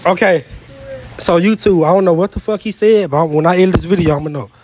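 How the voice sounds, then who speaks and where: High-voiced man hosting a party game. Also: fast talker, noisy background. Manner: loud, joking, profane, stumbles over words. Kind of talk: casual party chat. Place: room at a house party.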